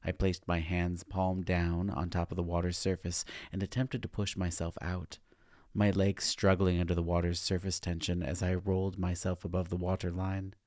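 A man narrating a first-person story in a measured, even reading. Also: low-pitched, dry recording, studio quality.

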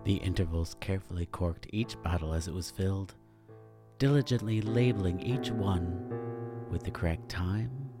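A man narrating a dark fantasy story in a measured, deliberate scripted reading. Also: deep voice, loud music behind the voice.

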